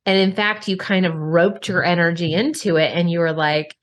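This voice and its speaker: A woman with a lowish voice hosts a podcast at a moderate pace, speaking frankly and expressively straight to her listeners. She swears casually throughout this candid, conversational talk.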